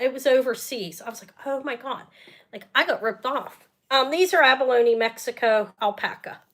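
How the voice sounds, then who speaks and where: A chatty woman runs a casual live sales stream, her voice sitting a little high. She rambles freely and addresses viewers directly as she goes. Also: fairly bright tone. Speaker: jewelry seller hosting a live sale.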